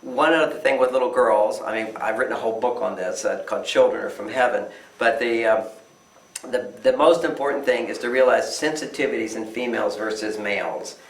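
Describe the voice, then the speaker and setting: An older man talks with firm emphasis, answering questions as a relationship author. His voice is gravelly. He sounds far from the mic in an echoey room. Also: mid-range voice, fairly quick. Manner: emphatic, acts out quoted voices. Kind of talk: interview answers.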